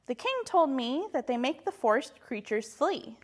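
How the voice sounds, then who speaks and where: A woman's voice: high-pitched, big pitch swings, moderate pace. A woman voicing nervous male knights in a rhyming picture book. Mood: uneasy. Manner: whispering worried reports. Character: nervous male knights gossiping about a dragon.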